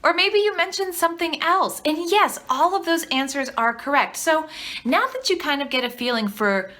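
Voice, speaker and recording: A woman's voice: high-pitched, expressive, normal speed, pushed and bright. A woman teaching artist giving an educational video lesson, encouraging and asking the viewer questions, leading them to repeat after her. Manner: encouraging, asks the viewer questions and leads call-and-response.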